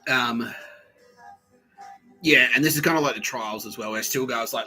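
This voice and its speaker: A man's voice: mid-range voice, normal speed, pushed and bright, soft background music, low-quality recording. A man hosting a podcast, telling a rambling comic story, often laughing and acting out the voices of people in it. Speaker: podcast host. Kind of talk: rambling comedic monologue.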